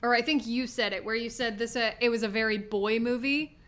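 A woman's voice: on the high side, steady tone, brisk, fairly bright tone. A woman co-hosting a podcast in casual movie-review chat, giggly and rambling. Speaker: podcast co-host.

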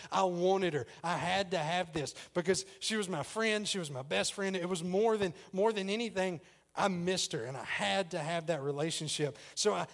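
A man preaches in a church, his voice sitting slightly high for a man. He talks to the congregation in a loose, chatty way, often laughing at his own story. Then he leans into the sermon's point. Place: church sanctuary.

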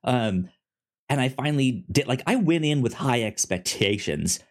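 A man co-hosting a podcast in casual chat, animated, stumbling and repeating the starts of words. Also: normal speed. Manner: animated, stammers on word starts; acts out quotes in a high voice. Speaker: podcast co-host.

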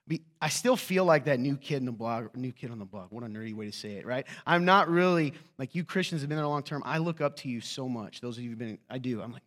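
A pastor with a mid-range voice talks fast as he preaches to his church, joking and conversational. He fires off rhetorical questions and shifts from quiet asides to loud, excited outbursts.

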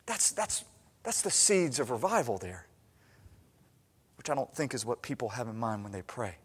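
A man preaching a sermon as pastor, swinging from hushed asides to loud, impassioned appeals. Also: medium pitch, big pitch swings, moderate pace, pauses often, slightly rough, long reverb tail.

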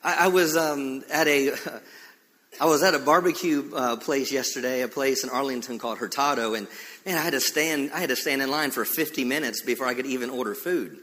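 Bright-voiced male pastor preaching in a hall. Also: mid-range voice, fairly quick. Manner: animated, emphatic, frequent restarts. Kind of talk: sermon with storytelling. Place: church sanctuary. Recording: reverberant church hall.

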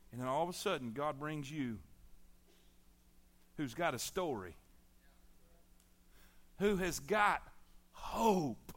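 A middle-aged man with a drawl delivers an emphatic sermon. His voice sits high and sounds bright and forceful, and it swings between ringing exhortation and low, hushed appeals. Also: expressive, a little slow, pauses often. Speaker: preacher.

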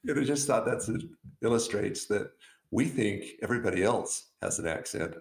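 A man co-hosting a casual talk show, telling stories in a relaxed way with frequent chuckles. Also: fairly low pitch, normal speed, vocal fry. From United States. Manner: relaxed storyteller, chuckles often. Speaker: co-host. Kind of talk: casual conversation. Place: Southeast Arizona. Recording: roomy echo.

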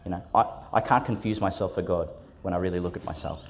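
Priest with a lowish voice, chatting through a school homily and quizzing the kids. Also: male voice, fairly even intonation, quick pace, a little hiss or hum. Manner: chatty, asks questions, laughs often. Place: school church service.

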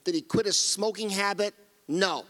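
A man's voice: sits high, normal speed, sharp tone, in a large hall. A middle-aged male pastor preaching a sermon, earnest and emphatic, often repeating phrases and restarting his sentences. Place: church sanctuary.

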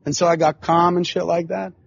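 Rambling through a long, casual tale heavy on cursing and filler phrases, this forties-aged podcast host has a fairly high, creaky voice with a breathy edge. His delivery is flat and fairly quick, and the audio is dull.

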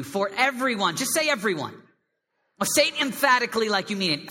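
A man preaching a lively sermon to a young congregation, with a high, squeaky voice, swinging between loud emphasis and hushed prayer. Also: fairly quick. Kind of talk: live sermon to a youth congregation. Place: large hall with a live crowd. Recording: long hall reverb.

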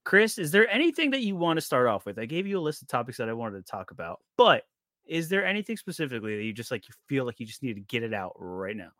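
A man hosting a casual podcast chat, out of breath, talking in an excitable, joking, rambling way. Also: mid-range voice, fast, dry recording, clean studio sound. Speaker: podcast host.

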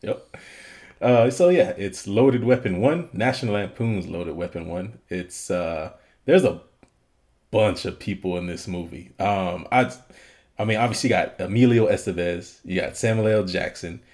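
A man's voice: low-pitched, normal speed, darkish tone. A man co-hosting a movie podcast in casual chat, laughing often and telling scenes with animation. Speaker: podcast co-host.

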